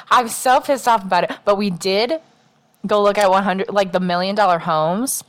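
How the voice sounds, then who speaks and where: A young woman co-hosts a casual podcast, talking bluntly and swearing freely. She laughs a lot and slips into quoted voices as she tells stories. Her voice sits at an ordinary middle pitch for a woman. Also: moderate pace. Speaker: podcast co-host. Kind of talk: casual chat.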